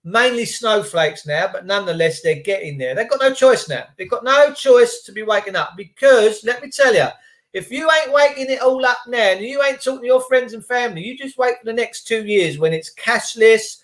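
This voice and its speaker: High-voiced English man ranting. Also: normal speed, a bit bright. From England. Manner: heated, swears freely, repeats and restarts. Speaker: tradesman. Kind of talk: casual ranting monologue.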